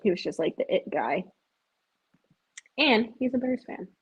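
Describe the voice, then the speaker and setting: Woman streamer, husky higher voice, casual play-by-play chatter, muffled lo-fi mic. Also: expressive, a little slow. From US Midwest. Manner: chatty, frequent "like", swings to loud disbelief at big plays. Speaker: sports streamer watching a game live. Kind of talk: casual live-watch commentary. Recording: dull lo-fi sound.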